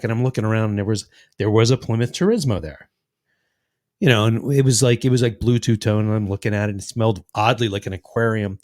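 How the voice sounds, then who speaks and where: Fairly low in pitch and fast-talking, a sixty-something male podcast host chats casually. His stories run long and profane, and he performs the other people's lines as he rambles along.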